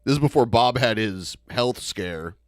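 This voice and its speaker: A man's voice: mid-range voice, expressive, a little slow, no room sound. A man hosting a podcast, reacting to clips with dry, sarcastic retorts. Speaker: podcast host.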